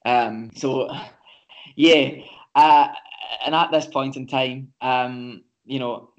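A man co-hosting a football podcast, talking through match analysis in a measured, casual way with frequent ums and restarts. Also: mid-range voice, fairly even intonation, a bit bright. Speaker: podcast co-host. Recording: slightly muffled lo-fi audio.

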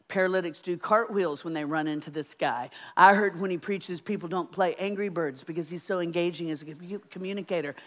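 A woman preaching a sermon in an animated, folksy way, asking the congregation questions. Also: on the low side. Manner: animated, folksy, asks the audience. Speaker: Bible teacher.

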